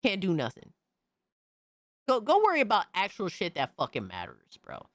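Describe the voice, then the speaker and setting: A man's voice: sits high, wildly swooping pitch, normal speed, a bit bright, dry recording, studio quality. A man hosting a stream, ranting in a blunt, profane and mocking way full of slang. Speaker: streamer host. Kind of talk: casual profane rant.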